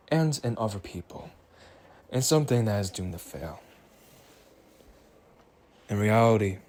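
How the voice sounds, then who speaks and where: Man, low-ish voice, tired, slow, rambling, reflective monologue. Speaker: vlogger.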